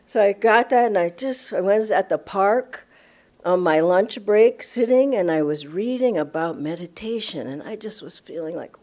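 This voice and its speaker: A woman's voice: medium pitch, expressive, moderate pace, darkish tone. An older woman from Los Angeles, a spiritual director telling her story enthusiastically and laughing often. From Los Angeles, USA. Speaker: spiritual director giving a satsang talk. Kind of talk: personal storytelling talk.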